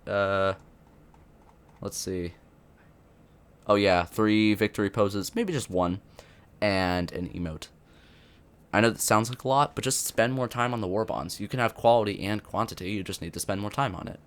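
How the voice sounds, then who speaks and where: A man's voice: lowish voice, moderate pace, long pauses, smooth. A young man giving unscripted commentary on a video game update, rambling with many fillers and restarts. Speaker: gaming youtuber.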